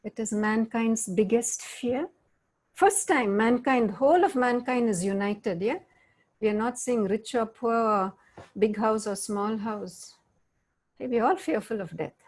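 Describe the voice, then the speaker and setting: Middle-aged woman facilitator, a fairly high voice, an unhurried delivery, and many questions put to the group, heard over a video call. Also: darkish tone. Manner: questions the audience often, demonstrates tones of voice. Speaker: workshop facilitator. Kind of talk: interactive online talk.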